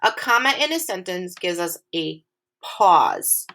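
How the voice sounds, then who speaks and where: A woman teacher giving a recorded phonics lesson to young children. She is clear, patient and encouraging, and reads the sample sentences slowly and with lots of expression. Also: lowish voice, big pitch swings, a bit bright. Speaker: elementary school teacher.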